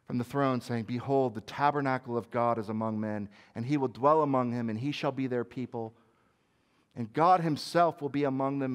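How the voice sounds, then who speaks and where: A man preaching a sermon as senior pastor, moving between soft, hushed passages and forceful peaks, with casual conversational asides. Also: mid-range voice. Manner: conversational asides with fillers like "right?" and "like".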